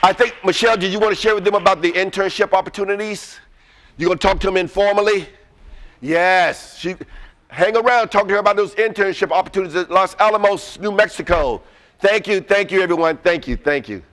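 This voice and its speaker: A man giving an energetic, casual motivational talk to a live audience in a presentation room, coaxing them to chant along. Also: high voice, brisk. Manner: casual, uses y'all. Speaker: presenter at a webinar. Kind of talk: motivational call-and-response talk.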